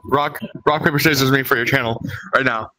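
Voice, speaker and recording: A young man in a casual voice chat, teasing and excited, laughing between lines. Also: mid-range voice, fairly quick, no echo, rough recording.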